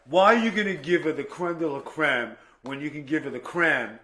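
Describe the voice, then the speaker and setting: A man's voice: a little high, normal speed, pushed and bright. A man co-hosting a podcast, teasing and laid-back in casual banter. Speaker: podcast co-host.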